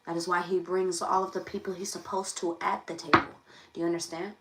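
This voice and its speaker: A woman's voice: lowish voice, flat delivery, a little fast. A woman hosting a tarot live stream, talking in an emphatic, preachy way and repeating her phrases over and over. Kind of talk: impassioned live-stream monologue. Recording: echoey room, distant mic, faint noise.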